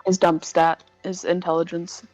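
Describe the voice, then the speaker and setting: A woman's voice: on the low side, little pitch movement, moderate pace, a little mellow, dry recording, rough recording. Woman, tabletop player, enthusiastic, casual swearing, faint music. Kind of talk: tabletop role-play chat.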